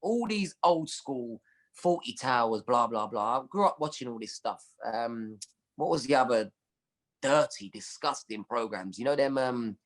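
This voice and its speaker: A man with a London accent, a comedian chatting as a podcast guest and telling animated stories full of street slang. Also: medium pitch, unhurried, vocal fry. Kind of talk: casual chat.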